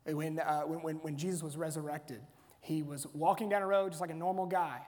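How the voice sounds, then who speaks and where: A man's voice: on the high side, steady tone, a little fast, a little mellow. A man preaching a sermon in a conversational, storytelling way, often restarting his phrases. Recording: long hall reverb.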